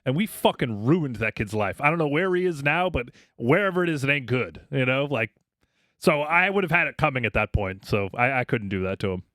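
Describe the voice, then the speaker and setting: A man's voice: mid-range voice, lively intonation, brisk, fairly bright tone, dry recording, clean studio sound. A middle-aged man co-hosting a podcast, telling crude stories in casual chat and laughing often. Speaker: podcast co-host.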